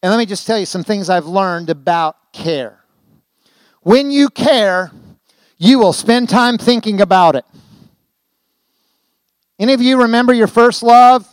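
Older guy giving a sermon, high-ish smooth voice, dry close sound, chatty stories and lots of "don't we?". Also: no room sound. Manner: folksy storytelling with quick asides and rhetorical questions. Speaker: guest preacher. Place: church sanctuary.

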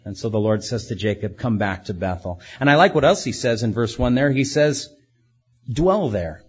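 A man's voice: mid-range voice, animated, normal speed, slightly rough, lo-fi sound. A man preaching a sermon as a pastor, asking rhetorical questions and acting out quoted speakers.

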